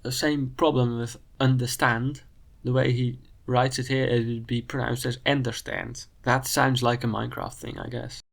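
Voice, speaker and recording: Dutch guy w/ a bit of gravel in his voice, mid pitch, picking apart spelling choices calmly. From Netherlands. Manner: measured, matter-of-fact critique. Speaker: video creator. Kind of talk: commentary on a spelling video.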